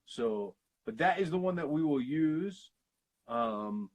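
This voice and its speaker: A man hosting a casual Bible study over a video call, slowly sounding out Hebrew words and explaining them with the odd curse. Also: fairly high pitch, lively intonation, low-quality recording. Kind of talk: casual teaching livestream.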